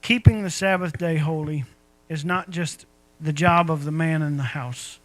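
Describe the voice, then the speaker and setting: A man's voice: on the high side, moderate pace, no room sound, poor audio. A man preaching a sermon in a folksy, conversational way, asking his listeners rhetorical questions. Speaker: pastor.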